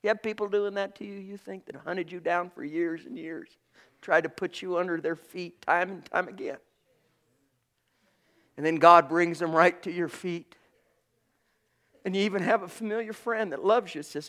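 A man preaching a sermon with passion, swinging from loud calls to hushed asides. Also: on the high side, moderate pace, long pauses.

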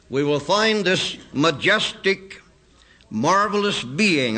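Male preacher, bright clear tone, measured scripture reading. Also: fairly high pitch, low-quality recording. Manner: earnest, quotes scripture in slow measured cadence. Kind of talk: sermon.

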